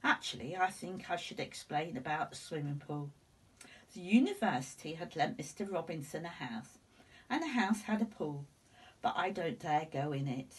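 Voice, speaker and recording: A woman, a teacher, reading a storybook aloud in an expressive way, dropping into whispered asides. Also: deep voice, moderate pace, slightly rough. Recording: voice a bit far from the mic.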